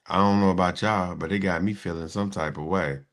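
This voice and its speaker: A middle-aged man, hosting a casual live-stream chat and joking sarcastically with sudden excited high bursts. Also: brisk. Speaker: host.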